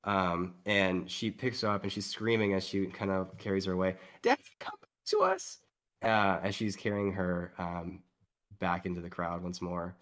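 A man narrates as game master of a tabletop game in a rambling, filler-heavy way. His voice sits fairly low, and he describes the scene casually as he goes. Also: flat delivery, normal speed, fairly bright tone. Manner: rambling, lots of "like" and "um".

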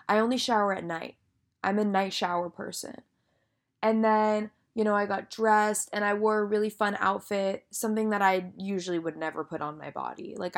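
A young woman telling a story in a casual monologue, chatty and full of filler words and swearing. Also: mid-range voice.

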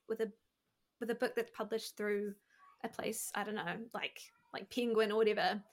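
A young woman with a New Zealand accent co-hosting a book podcast in casual, filler-heavy chat. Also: a little high. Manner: chatty, many fillers, quick laughs. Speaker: podcast co-host.

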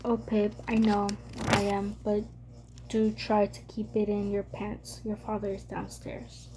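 A woman voicing a gentle, protective young man who reassures softly and teases in an audiobook reading. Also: medium pitch, monotone, a little slow, background noise, close to an everyday voice. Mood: teasing. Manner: soft, reassuring, teasing.

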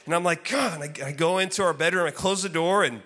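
A man preaching from the pulpit, his voice sitting a little high and sounding bright and forward. He moves between lively, acted-out storytelling and quieter, hushed reflection. A long reverb from the sanctuary trails behind every phrase. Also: fast. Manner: animated, acts out his own story with loud exclaimed quotes; drops to soft, hushed delivery for reflective points. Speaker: guest preacher. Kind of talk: sermon with storytelling. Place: church sanctuary. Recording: long reverb of a large hall.

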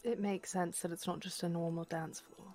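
A woman's voice: fairly low pitch, little pitch movement, moderate pace, mellow, faint music behind. A woman player in a tabletop game, talking in an enthusiastic way. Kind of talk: casual tabletop play.

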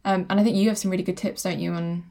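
A woman co-hosting a podcast in casual chat, relaxed and prone to tangents. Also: lowish voice, very fast, vocal fry. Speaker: podcast co-host.

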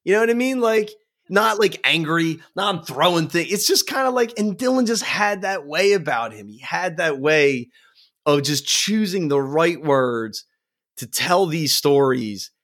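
A man guesting on a music podcast, talking in an animated, rambling way full of "like" and bursts of laughter. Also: a little high, a little slow. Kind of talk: casual music podcast chat.

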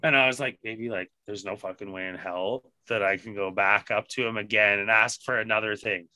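A man on a podcast telling a story casually, swearing constantly and animated in his retelling. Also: on the low side, brisk, no echo. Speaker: podcast co-host.

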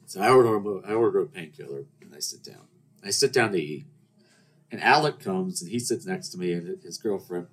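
Young male podcast host with a low voice that swings up and down a lot, rambling and self-mocking as he tells a story. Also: expressive, fairly quick, fairly bright tone, slight background noise. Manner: rambling, self-deprecating anecdotes with acted-out quotes. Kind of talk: casual storytelling monologue.

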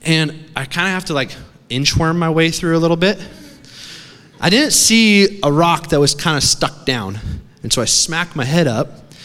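A man preaching a sermon as a dramatic story, swinging from hushed to shouting. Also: on the high side, in a large hall. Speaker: pastor. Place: church.

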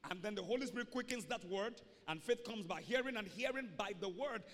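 A pastor preaching a sermon to his church, repeating key phrases and rising to shouts. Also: high-pitched, animated, fairly quick, hardly any pauses, big-room sound.

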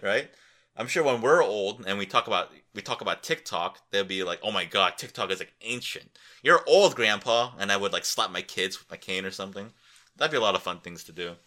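In a solo podcast, a young host with a lowish, pushed, bright voice talks fairly quickly with lively intonation. Tired and rambling, he makes crude jokes and thinks out loud as he searches for information.

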